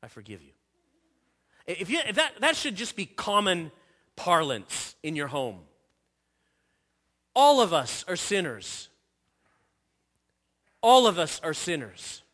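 A man preaching a sermon with a bright, forceful tone and a slightly high voice. His delivery is animated and earnest, full of repeated phrases and restarts, and he drops softer for quoted words. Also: takes it slowly, long pauses. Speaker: pastor.

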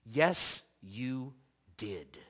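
A man preaching a sermon in earnest, repeating phrases and restarting himself, dropping softer when he quotes. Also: medium pitch, expressive, extremely slow, husky. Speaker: pastor.

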